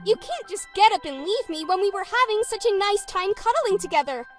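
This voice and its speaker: A woman putting on a high, sugary clingy girl. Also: expressive, a little fast, faint music behind. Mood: sweet, teasing. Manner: sugary, doting and playful. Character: sweet clingy young woman, affectionate and teasing. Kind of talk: reading game dialogue aloud.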